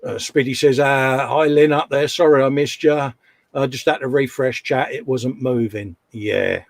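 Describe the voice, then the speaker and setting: A man's voice: mid-range voice, steady tone, moderate pace, vocal fry, no room sound. A man co-hosting a live stream, casually chatting and reading out viewer messages with a jokey, laughing manner.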